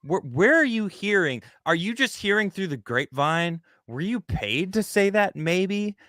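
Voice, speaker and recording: A male host speaks in a bright, forceful voice, heated and ranting as he comments. His delivery is full of quick restarts. The sound is dry and close, with no room around it. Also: sits high, very animated, no echo. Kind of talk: casual commentary chat.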